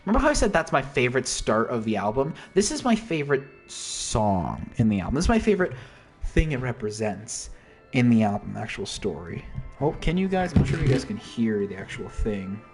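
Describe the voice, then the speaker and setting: Guy rambling about an album's story, kinda husky voice, keeps cutting himself off. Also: medium pitch, big pitch swings, brisk, soft background music. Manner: rambling, self-interrupting, mild slang. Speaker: YouTuber explaining an album's story. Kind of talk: casual commentary.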